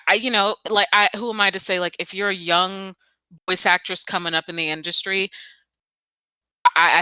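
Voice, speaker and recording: A woman's voice: on the low side, clean tone, no room sound. A young woman co-hosting a podcast, chatting casually with emphatic asides. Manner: animated, emphatic, quick asides. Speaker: podcast co-host.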